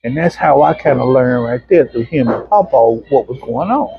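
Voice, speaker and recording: A middle-aged man, an interview guest telling personal stories in a casual, animated way and acting out other people's voices. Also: mid-range voice, moderate pace, creaky. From Arkansas, USA. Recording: dull, muffled lo-fi sound.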